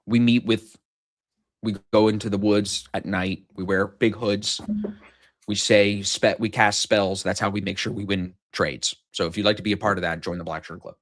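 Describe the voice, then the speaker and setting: A man's voice: on the low side, fairly even intonation, moderate pace. A man in his thirties hosting a live trading stream, chatting casually, rambling and joking with frequent swearing.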